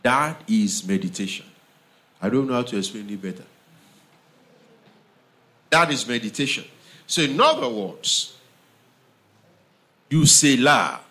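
A man preaching a sermon, slow and emphatic, repeating phrases and often asking the audience if they understand. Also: mid-range voice, very animated, pushed and bright.

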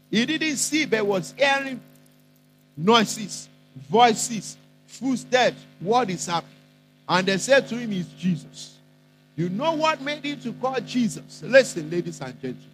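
A man preaching a sermon, emphatic and repetitive, with dramatic pauses between phrases. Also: high-pitched, fairly bright tone, low-quality recording.

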